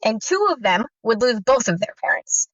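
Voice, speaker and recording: A woman's voice: on the high side, sing-song, moderate pace, a bit bright, dry recording. A woman in her thirties telling her own story in an earnest, intense first-person account of fear, remembered in vivid detail. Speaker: guest sharing her story. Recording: dull, dry lo-fi audio.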